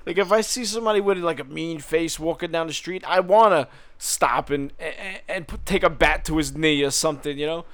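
A man co-hosting a podcast in casual chat, stumbling over his words and chuckling as he talks. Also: on the high side. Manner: halting, restarts sentences, chuckling. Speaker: podcast co-host.

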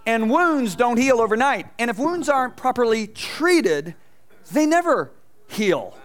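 A man preaching a lively sermon in a high, bright voice. He tells stories and acts out voices along the way, swinging from loud bursts to soft asides as he talks to the congregation. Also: unhurried. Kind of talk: energetic sermon with stage demonstration. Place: church stage before a congregation.

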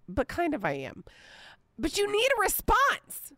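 A woman in her forties hosting a casual Bible teaching podcast, chatty and expressive, with playful asides. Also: very high-pitched, a little slow, dry recording, studio quality. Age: 40s.

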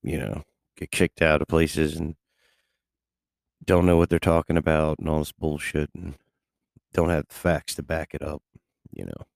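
A man's voice: extremely low pitch, normal speed, creaky, long pauses, dry recording, studio quality. A man talking casually and profanely in a rambling monologue, laid-back and chuckling often.

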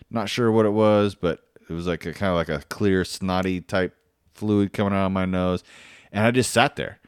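Guy rambling through a story on his podcast, lowish voice, dry close sound. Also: no echo. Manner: rambling, many fillers and restarts. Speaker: podcast host. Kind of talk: casual storytelling monologue.

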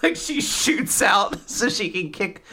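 Podcast co-host rambling through a manga recap, laughs a lot, middle pitch. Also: big pitch swings, background noise. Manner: rambling, laughing, quick asides. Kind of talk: casual chat recapping manga.

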